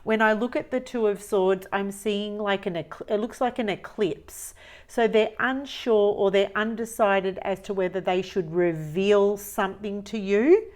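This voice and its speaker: A woman giving a tarot reading, musing slowly and repeating phrases as she reads the cards. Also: mid-range voice, darkish tone. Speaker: tarot reader.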